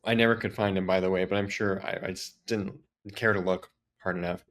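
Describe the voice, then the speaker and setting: A man's voice: deep voice, steady tone, fairly quick, a bit bright. A man podcast host telling a story in a casual, chatty way, full of "like" fillers.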